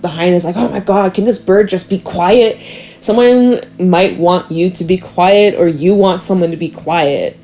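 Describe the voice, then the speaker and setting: A woman's voice: on the low side, warm tone. A woman reading tarot cards in a chatty, casual way, swearing now and then. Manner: chatty, swears, laughs often. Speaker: tarot reader.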